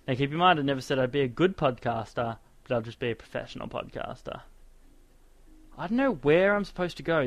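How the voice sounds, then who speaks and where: A man giving casual, sarcastic let's-play commentary as he plays, ranting and exclaiming at the game. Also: medium pitch. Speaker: gaming commentator and podcaster.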